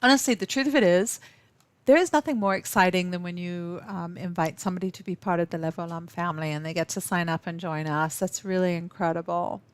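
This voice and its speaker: Woman, from South Africa, webinar host, warm and effusive, frequent ums and restarts, slightly low voice, dry close sound. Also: brisk, clear, resonant tone, no room sound. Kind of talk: live webinar talk to viewers. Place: office.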